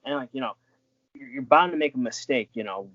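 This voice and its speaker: A man talks through his stories in a loose, rambling way, stopping and restarting mid-sentence. His voice sits at an ordinary pitch. The audio is dry and a little dull. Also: animated, a little fast, a bit bright, no room sound. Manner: rambling, with many restarts and fillers. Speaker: interview guest, former wrestling referee. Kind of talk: casual storytelling.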